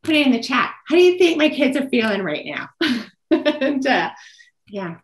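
Lively woman telling a parenting story. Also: sits high, normal speed, low-quality recording. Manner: lively storytelling, acting out what she says to her kids. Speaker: workshop presenter and psychotherapist. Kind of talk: online parenting workshop talk.

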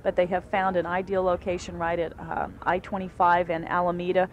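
A woman's voice: on the low side, flat delivery, brisk, dull audio, a little hiss or hum. A woman co-anchoring live outdoor TV coverage of an event, conversational and informative. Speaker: TV news anchor. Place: outdoors at a festival field.

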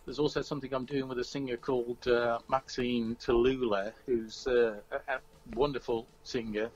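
A man being interviewed over the phone, speaking in a relaxed, halting way with plenty of ums and uhs. The audio sounds dull and muffled, like a phone call. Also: mid-range voice, slightly rough. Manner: relaxed, hesitant, many fillers. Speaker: musician guest. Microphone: phone line.

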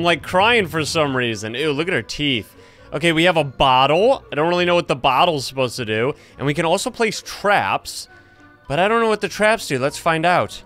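A young man hosting a gaming channel, giving excited play-by-play commentary and yelping and laughing at scares. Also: a little high. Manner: jumpy, yelps and laughs at scares.

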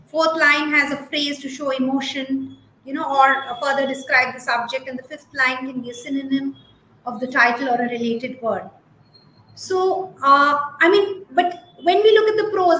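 Woman, high voice, chatty webinar presenter, echoey room. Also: fairly bright tone, slight background noise. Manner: chatty, reads out attendees' comments, many fillers. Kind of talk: teacher training webinar.

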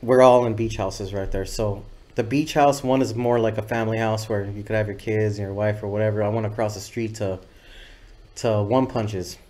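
A man's voice: on the low side, steady tone, moderate pace, a little mellow. A man sits in as a podcast guest, telling a long story in a loose, profane, rambling way. He keeps slipping into other people's voices when he quotes them. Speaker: guest videographer. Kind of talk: casual storytelling interview.

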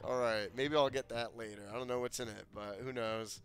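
A man casually commenting while playing a video game, excitable, swearing often, laughing and breaking into sudden loud outbursts. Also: mid-range voice, measured pace, clear, resonant tone, no echo.

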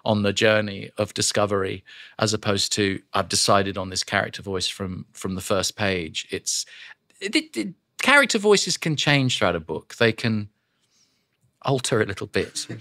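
Lively man telling stories in a studio. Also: fairly low pitch, dry recording. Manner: animated storyteller, drops into quick character voices. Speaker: audiobook narrator and voice actor guest. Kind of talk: casual studio interview chat. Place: podcast studio. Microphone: studio microphone.

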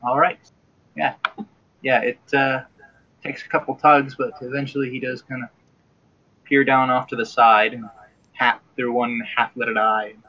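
Husky Australian game master, hesitant. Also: male voice, medium pitch, level tone, measured pace, long pauses, bright, forceful tone, muffled recording. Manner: hesitant, with many uh fillers while describing scenes. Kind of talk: narrating a tabletop game.

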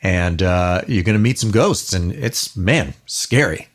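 A man's voice: sits low, lively intonation, unhurried. A man co-hosting a comedy podcast, talking in a playful, mock-earnest way into a studio microphone. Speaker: podcast co-host.

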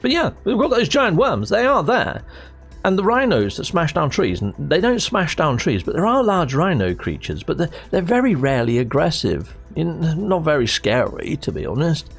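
A man's voice: on the high side, sing-song, normal speed, vocal fry, breathy edge, soft background music. A man, a gaming YouTuber, chatting casually and rambling with many restarts. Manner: rambling, restarts mid-sentence. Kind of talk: casual chat.

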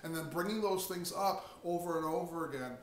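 A real estate investing teacher gives a casual lesson on phone skills, talking conversationally and acting out sample phone lines. His voice is slightly high and his pace brisk. It was recorded from a distance in an echoey room, with faint noise.

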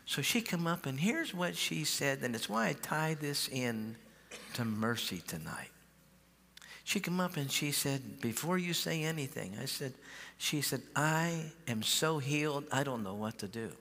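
Lively man preaching in a church hall. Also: fairly high pitch, a little slow, vocal fry. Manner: animated, acts out quoted dialogue, calls for shouts. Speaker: pastor. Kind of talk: sermon storytelling. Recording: live church hall with long reverb.

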